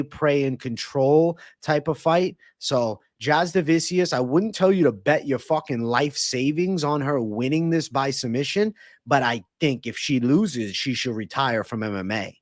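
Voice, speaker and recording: A man's voice: mid-range voice, no room sound, studio quality. Hyped, foul-mouthed male livestream host. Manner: loose, profane, hyped, reads and answers viewer chat. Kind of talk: live-streamed fight predictions and chat.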